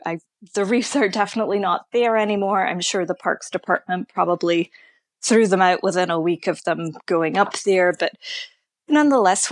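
A woman tour guide being interviewed, telling stories in an unhurried, thoughtful way. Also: mid-range voice, dry recording. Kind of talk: conversational storytelling interview.

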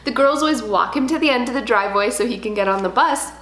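A woman in her thirties, a home decor vlogger telling a story in casual, animated chat. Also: fairly high pitch, fast talker. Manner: chatty, animated storytelling with laughs. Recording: echoey room.

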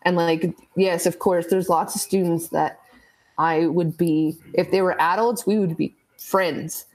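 A woman's voice: lowish voice, steady tone, unhurried, a little mellow, rough recording. A woman teacher, a guest on a podcast, chatting casually and laughing often between her points. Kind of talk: casual interview chat.

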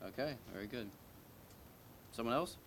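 A man's voice: mid-range voice, lively intonation, normal speed, a bit bright, slight background noise. A man preaching an informal sermon at a church service, talking in a conversational, hesitant way with many restarts and questions to the congregation.

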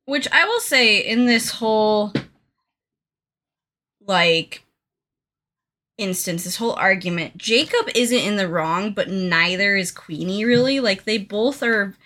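Podcast co-host, female, bright voice, chatty and halting. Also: medium pitch, animated. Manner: hesitant, filler-heavy, chatty. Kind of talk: casual movie discussion.

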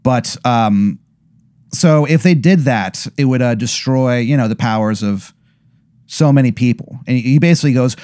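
A man's voice: medium pitch, expressive, moderate pace, a little mellow, dry recording, studio quality. A young man telling a long comedic hypothetical, rambling and profane, with many fillers. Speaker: podcast co-host. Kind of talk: comedic storytelling.

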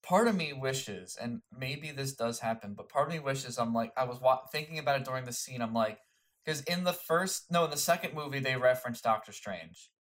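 A young man co-hosting a casual movie chat, relaxed and musing, often restarting his thoughts. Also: medium pitch, fairly quick.

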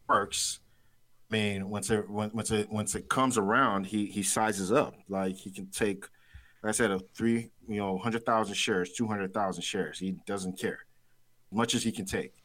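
A man's voice: fairly low pitch, fairly even intonation, normal speed, a bit bright. A man being interviewed, telling a trading story in a rambling, casual way, repeating words and laughing easily. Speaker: trader guest.

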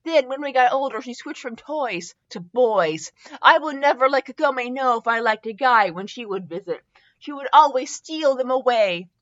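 A woman's voice: high-pitched, animated, moderate pace, a bit bright. A young woman hosting a comedy show, reading a fanfiction aloud with mocking asides and spelling out the misspelled words. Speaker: podcast host. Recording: dull lo-fi podcast audio.

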